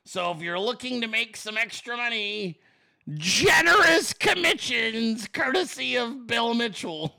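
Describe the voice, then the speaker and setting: A man's voice: extremely high pitch, very animated, a little slow, creaky, sharp tone, no echo. A man hosting a political commentary show, swearing often and laughing as he mocks people. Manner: profane, mocking, laughing. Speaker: host.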